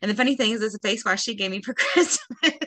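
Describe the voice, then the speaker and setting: A woman from Texas, co-hosting a podcast in casual chat, rambling through stories and clearing her allergy-irritated throat often. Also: a little high, quick pace, a bit bright, no room sound. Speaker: podcast co-host.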